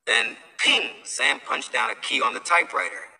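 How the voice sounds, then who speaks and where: A man hosting a show who reads a children's story aloud in a lively, expressive way. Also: medium pitch, normal speed. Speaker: host, storyteller. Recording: voice from far off the mic.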